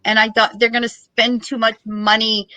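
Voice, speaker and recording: A middle-aged woman, a podcast guest, telling a story in a joking, lively way. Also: a little high, normal speed, dry recording, muffled recording. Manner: joking, animated storytelling with laughs. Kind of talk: casual storytelling.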